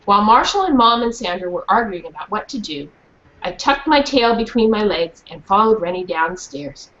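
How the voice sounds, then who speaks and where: A woman's voice: mid-range voice, moderate pace. Woman reading a kids book aloud, lo-fi. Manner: lively, questioning a class. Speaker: author reading to students. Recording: dull lo-fi recording with faint hiss.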